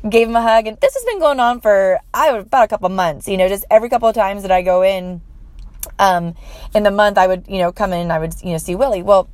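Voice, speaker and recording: A woman's voice: medium pitch, darkish tone, no echo. A woman telling a personal story in an earnest, heartfelt way, with frequent fillers and restarts.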